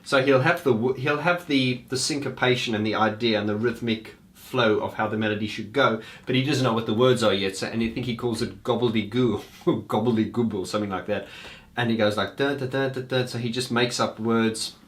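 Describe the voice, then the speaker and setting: A man's voice: fairly low pitch, steady tone, brisk, fairly bright tone. A man talking casually and unscripted to his viewers, rambling with fillers and restarts as if chatting with a friend. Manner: talks to viewers as friends, calls them guys. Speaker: music video host.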